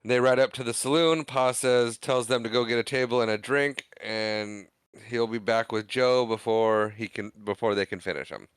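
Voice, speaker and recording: A podcast co-host retells a movie scene by scene in a casual recap chat, acting out the characters' lines. His mid-range voice is clear and resonant at a normal speed. There's no echo.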